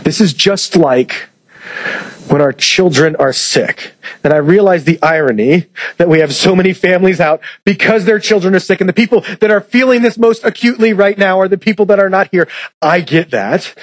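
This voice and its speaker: Man preaching a sermon, high voice, conversational, rhetorical questions, dry close sound. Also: moderate pace, no room sound, low-quality recording. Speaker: pastor.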